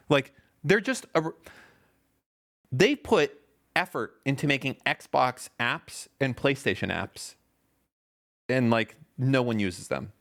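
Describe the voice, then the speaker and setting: A man's voice: medium pitch, lively intonation, slow, pauses often, a bit bright. A man co-hosting a podcast, arguing his point in casual debate, insistent and emphatic, swearing often. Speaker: podcast co-host.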